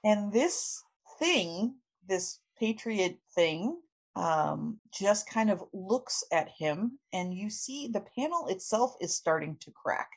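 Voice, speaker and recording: A woman's voice: medium pitch, big pitch swings, slow. A woman casually recapping a comic book story with lots of fillers and laughter. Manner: chatty, laughing, many fillers. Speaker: podcast host.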